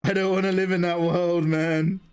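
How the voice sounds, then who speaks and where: A man's voice: sits high, moderate pace, clean tone. A man chatting casually and joking playfully while drawing on a live art stream. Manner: playful, jokey, animated.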